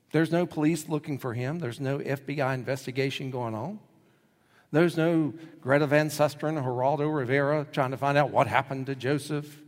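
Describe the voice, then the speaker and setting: Man preaching in a reverberant hall. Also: on the high side. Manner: storytelling preacher, acting out quoted voices. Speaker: pastor. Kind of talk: sermon.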